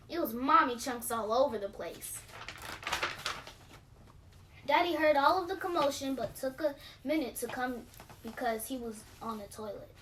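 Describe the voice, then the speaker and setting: A woman's voice: sits high, recorded from a distance, low-quality recording. A woman reading her own children's story aloud in a playful, dramatic way.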